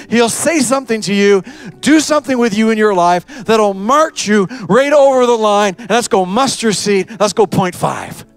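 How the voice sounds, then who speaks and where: A male pastor with a high-pitched voice preaches with lively energy. He jumps into quick character voices to make his point. Soft music plays faintly behind him. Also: smooth. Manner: animated preaching, acts out voices of parents, children and Jesus. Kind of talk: sermon.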